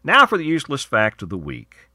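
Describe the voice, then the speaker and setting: A man's voice: medium pitch, huge pitch swings, brisk, sharp tone, no echo, clean studio sound. A man hosting his radio show, reading segments and promos in a folksy, earnest, persuasive way.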